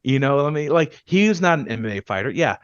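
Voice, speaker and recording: A man co-hosting a podcast in heated casual chat, ranting and swearing, with quick loud bursts that then drop low. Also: very animated, smooth, no echo, highs cut off. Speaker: podcast co-host.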